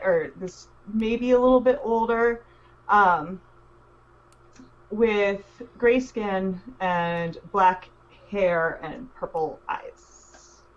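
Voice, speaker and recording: A woman taking her turn in a tabletop game, speaking slowly and hesitantly with frequent ums. The recording is dull and lo-fi. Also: mid-range voice. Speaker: player. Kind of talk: casual tabletop play.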